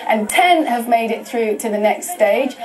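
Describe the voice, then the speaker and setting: Giggly female morning-show presenter, a touch high, heard from a distance. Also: lively intonation, unhurried. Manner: chatty, giggly. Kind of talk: breakfast TV banter. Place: TV studio.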